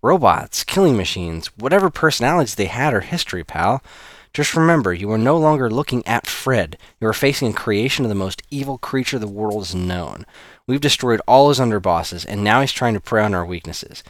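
A man's voice: on the low side, expressive, no echo, clean studio sound, pitched above the performer's own voice, lightly acted. A man doing a sarcastic wisecracking boy. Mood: earnest. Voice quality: sarcastic, quick, raised voice. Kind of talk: audiobook character voice.

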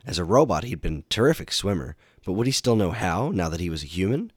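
A man reading a children's adventure book aloud, with animated, dramatic storytelling. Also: low voice, fast talker, husky, dry recording, studio quality. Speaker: storybook reader. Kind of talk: audiobook narration for children.

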